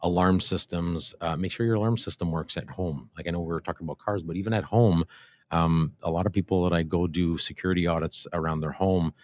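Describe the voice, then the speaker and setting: A man with a very low voice talks through police and traffic questions on a livestream. His delivery is loose and conversational, full of ums, restarts and trailing thoughts. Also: fairly quick, dry recording. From Canada. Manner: relaxed, explanatory, many fillers and restarts. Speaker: police constable and show host. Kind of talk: casual livestream Q&A. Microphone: desk microphone, briefly too far from it.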